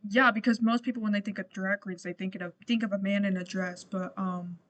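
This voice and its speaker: Halting, swearing young woman podcaster. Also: medium pitch, fairly even intonation, fairly bright tone. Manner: halting, swearing, heavy on fillers. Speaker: podcast co-host. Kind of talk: casual chat.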